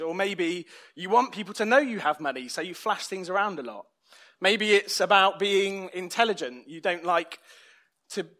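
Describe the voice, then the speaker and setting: A man's voice: sits high, sharp tone. A man preaching a sermon in a conversational, self-deprecating way.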